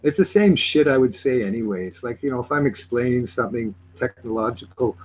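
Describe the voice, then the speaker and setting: A man's voice: mid-range voice, lively intonation, brisk, a little mellow, slight background noise, low-quality recording. A Canadian man chatting casually, blunt and ranting, swearing freely. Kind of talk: casual chat.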